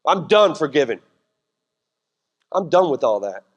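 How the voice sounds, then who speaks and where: A man's voice: fairly high pitch, big pitch swings, unhurried. A middle-aged man, preaching a sermon in a casual, joking, conversational way. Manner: conversational, jokey preaching with voiced asides. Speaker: pastor. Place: church sanctuary. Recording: church hall reverb.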